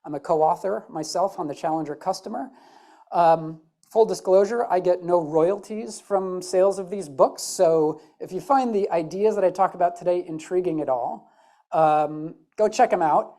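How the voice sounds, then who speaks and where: This woman speaks at a fairly low pitch and moderate pace, her tone warm and her Midwestern accent evident. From the conference stage, she delivers a chatty talk filled with jokes at her own expense.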